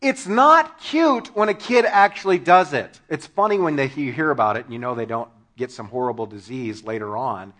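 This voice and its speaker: This pastor's mid-range voice is expressive, at normal speed with few pauses, as he delivers a sermon to his congregation. He laughs along with his own funny stories and shouts their punchlines without warning.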